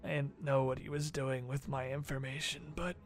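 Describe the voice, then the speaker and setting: A man doing a hushed, hopeless prisoner. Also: medium pitch, steady tone, moderate pace, soft background music, lightly acted. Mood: weary. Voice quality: hushed, half-whispered. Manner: resigned and bleak. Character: weary, hopeless male prisoner.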